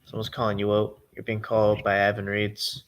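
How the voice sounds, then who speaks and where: A young man with a Massachusetts accent chats loosely on a podcast, wandering from tangent to tangent and breaking into laughter. His voice sits a little low. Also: fairly quick. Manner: rambling, laughs often, animated tangents. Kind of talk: casual chat.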